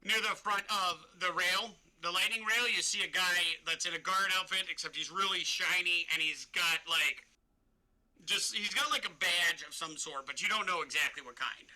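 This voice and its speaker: A man narrating as game master of a tabletop game, describing scenes in a rambling, halting way full of fillers. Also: sits high, bright, forceful tone, rough recording.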